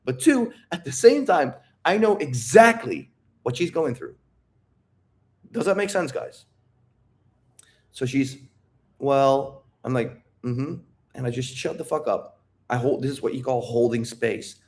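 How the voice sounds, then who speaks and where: A blunt, emphatic man coaching on relationships, cursing freely and stopping to check that his listeners follow. His voice sits at an ordinary middle pitch, and he acts out little scenes to make his point. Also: lively intonation, measured pace, pauses often, a little mellow. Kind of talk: coaching monologue with role-play.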